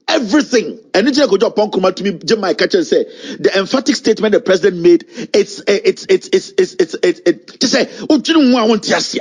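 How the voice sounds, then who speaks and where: A man's voice: sits high, animated, a little fast, hardly any pauses, breathy edge. A Ghanaian man giving heated political commentary, angry and mocking, switching between English and Twi.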